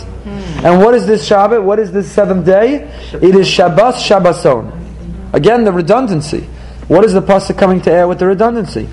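Questioning male Torah teacher, high voice. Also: darkish tone, poor audio. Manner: probing, rapid-fire rhetorical questions. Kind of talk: text study class with students.

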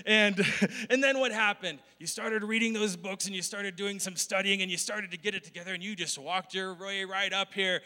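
A man voicing a boastful, jovial male God who welcomes someone to heaven, in a loud, chummy, mocking way. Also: high-pitched, heavily acted. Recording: long hall reverb.

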